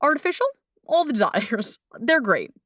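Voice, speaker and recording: A woman's voice: a little high, big pitch swings, normal speed, a bit bright, dry recording, clean studio sound. A young adult woman hosting her own podcast as a coach, talking casually and animatedly, swearing freely and laughing often. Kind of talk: casual solo podcast talk.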